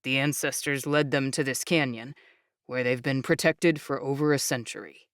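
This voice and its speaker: A woman voicing a calm young man who patiently explains things in a low, measured voice. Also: no echo, studio quality. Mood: explaining.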